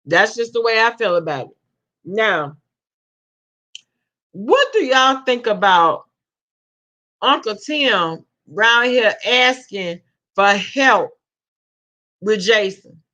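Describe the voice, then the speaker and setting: Woman vlogger, slow drawl, dull lo-fi stream audio, gossipy chat. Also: medium pitch, lively intonation, sharp tone. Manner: chatty, Southern slang, greets viewers as babe. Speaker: vlogger reading live chat. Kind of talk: casual live-stream chat.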